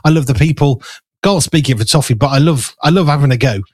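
A man's voice: medium pitch, fast talker, no echo. Chatty man, dry close sound. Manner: chatty storyteller, playful and self-mocking. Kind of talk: casual chat.

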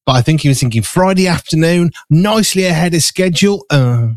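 Guy hosting a live show, slightly high voice, chatty and rambly, bit out of breath, dry close sound. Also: animated, a little fast, dry recording. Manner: chatty, rambling with fillers, eating while talking. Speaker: show host. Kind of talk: casual live studio chat. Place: small studio.

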